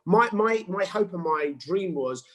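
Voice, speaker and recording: An English actor in his forties appears as a guest in a casual interview, animatedly telling stories and acting out quotes. His voice sits high and he speaks at a measured pace, though the recording is rough.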